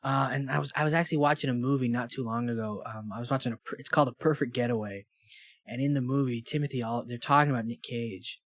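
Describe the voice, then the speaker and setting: A young man co-hosting a movie podcast, talking casually with lots of "like" and getting animated when he rants. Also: mid-range voice, quick pace, no room sound, clean studio sound. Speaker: podcast co-host. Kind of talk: casual movie review chat.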